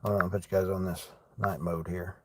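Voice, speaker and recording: A man's voice: sits low, flat delivery, a little fast, noisy background. Chatty man livestreaming while shopping. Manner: chatty, joking, mildly exasperated. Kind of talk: casual live chat while working. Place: large store.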